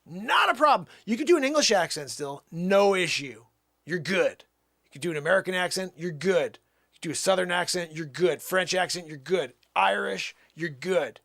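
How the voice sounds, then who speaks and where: High lively man hosting a livestream. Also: moderate pace, vocal fry, no echo, studio quality. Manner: defensive, rambling, talks to chat. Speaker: livestream host. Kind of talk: casual livestream chat.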